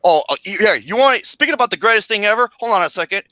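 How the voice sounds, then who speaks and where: A man hosting a casual online chat, swearing loudly and breaking into frequent laughter and sudden outbursts. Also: high voice, animated, fast, dry recording. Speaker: podcast host.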